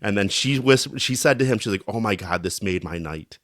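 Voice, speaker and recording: A man co-hosting a casual podcast, telling joking stories with sudden loud bursts when he quotes himself. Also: lowish voice, animated, fairly quick, dry recording, clean studio sound. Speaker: podcast co-host. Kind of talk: casual storytelling chat.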